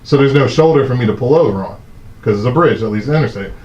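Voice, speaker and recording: A man, hosting a live stream and telling a story in a casual, animated way, swearing often and acting out the shouting cops. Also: medium pitch, very fast. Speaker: host of a live stream talk show. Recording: echoey muffled room sound.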